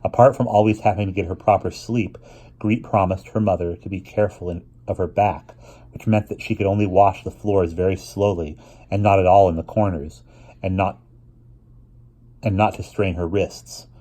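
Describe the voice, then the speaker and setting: Storybook reader, low and husky, calm pace, a few stumbles. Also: male voice. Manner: steady, unhurried reading with small restarts. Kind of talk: reading a children's novel aloud.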